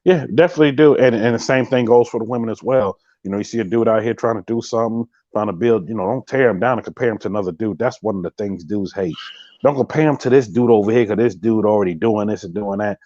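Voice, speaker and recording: Fast-talking, emphatic man hosting a live podcast. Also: on the low side, warm tone, dry recording, muffled recording. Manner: emphatic, repeats catchphrases, speaks straight to viewers. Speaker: podcast host. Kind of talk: casual live-stream chat.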